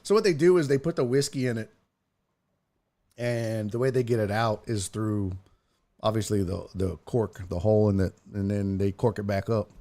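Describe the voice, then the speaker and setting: A man's voice: fairly low pitch, normal speed, mellow, no room sound. A man hosting a sports live stream from home, chatting loosely, rambling and thanking viewers in chat. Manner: swears casually.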